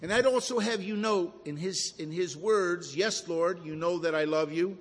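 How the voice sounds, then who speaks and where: High-voiced preacher in an echoing hall. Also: male voice. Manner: slow, emphatic preaching with dramatic drops to a hush. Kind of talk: sermon.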